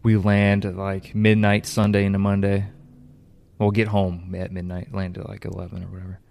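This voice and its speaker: A man with a fairly low voice tells a story in casual chat, animated and loose. He swears freely and slips into the voices of the people he quotes, keeping the talk lively and conversational. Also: moderate pace, gravelly. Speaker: co-host telling a story.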